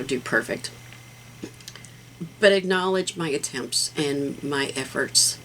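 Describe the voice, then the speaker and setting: A woman's voice: deep voice, fairly bright tone, slight background noise, poor audio. A middle-aged woman hosting a casual craft vlog, talking in a rambling, heartfelt way with plenty of fillers. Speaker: craft channel host.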